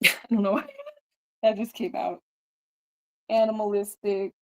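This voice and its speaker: Hosting a casual livestream, a woman rambles loosely with lots of swearing, laughter and "you know" fillers. Her voice is medium-pitched, a little mellow, at normal speed with fairly even intonation.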